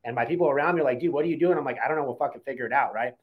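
A man's voice: mid-range voice, rapid-fire, breathy edge, muffled recording. A man telling his story in a casual, brash way, with plenty of swearing. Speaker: co-host. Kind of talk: casual chat.

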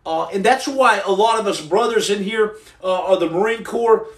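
A man's voice: high-pitched, moderate pace, echoey room. A man hosting a comedic livestream, reading viewer comments and rambling through jokes with stammered restarts. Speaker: livestream host.

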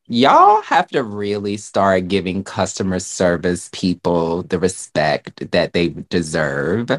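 A man with a very deep voice talks slowly through a casual podcast chat. He stretches his words out with campy sass. He is from Virginia. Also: very animated, a bit bright. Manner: slow, sassy and campy, with drawn-out delivery. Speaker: podcast co-host.

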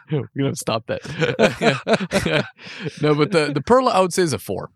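A man's voice: fairly high pitch, big pitch swings, takes it slowly, gravelly, husky, no echo, clean studio sound. A man co-hosting a casual podcast, reviewing beers with jokes, frequent laughter and trailing restarts. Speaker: podcast co-host. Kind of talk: casual beer review chat.

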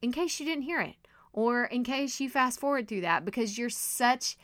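A woman hosting her own podcast, teaching in a chatty, animated, self-deprecating way, with her voice strained and going hoarse. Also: on the high side, normal speed, dry recording, studio quality. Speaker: podcast host and coach. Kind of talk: casual solo podcast teaching.

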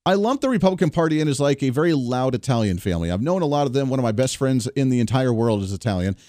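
A man hosting a talk radio show, giving an emphatic, animated political commentary monologue on a studio microphone. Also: mid-range voice, fast, no room sound.

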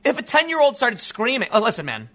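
A man's voice: extremely high pitch, huge pitch swings, fast talker, fairly bright tone. A man giving combative political commentary, talking emphatically with casual asides. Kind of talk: ranting commentary.

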